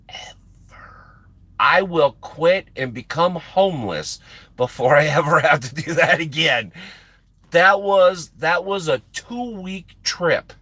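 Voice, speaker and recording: Talking with the viewers of his stream, this truck driver rambles casually and repeats words to drive points home. He has a fairly high pitch and a bright, forceful tone with a breathy edge, and there's no echo.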